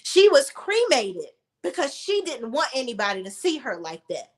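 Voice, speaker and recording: A high-voiced woman gives heated reality TV recap commentary. She is blunt and profane, and she turns emotional when the talk gets personal. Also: big pitch swings, normal speed, a little hiss or hum. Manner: emotional while telling a personal story.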